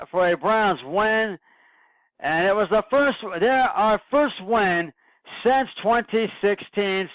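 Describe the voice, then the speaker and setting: A man with a fairly high, smooth voice rambles happily through a solo sports recap, circling back to the same phrases. The sound is dry and thin, like a phone line. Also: no room sound. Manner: rambling, excited, repeats himself, many fillers. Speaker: home podcaster recapping football. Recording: tinny phone-like dry recording.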